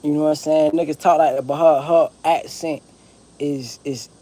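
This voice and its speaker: A man's voice: fairly high pitch, steady tone, moderate pace, dark tone. A man from Florida with a Southern accent, talking casually and profanely to camera in a rambling vlog monologue. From Broward County, Florida. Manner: rambling, profane, laid-back. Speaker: vlogger.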